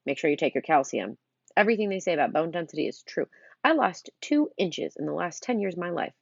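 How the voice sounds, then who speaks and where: A woman's voice: fairly low pitch, very animated, fast, creaky, no echo, highs cut off, heavily acted. A woman voicing a cranky, boastful grandfather who has turned into a thirteen-year-old boy, speaking indignantly and grandly. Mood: demanding.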